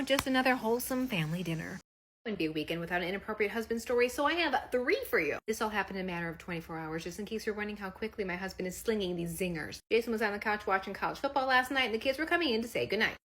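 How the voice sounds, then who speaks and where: A woman's voice: fairly high pitch, fast talker. A woman in her thirties telling comedic stories about her family to the camera, acting out everyone's voices. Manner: animated, acts out voices of family. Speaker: social media storyteller.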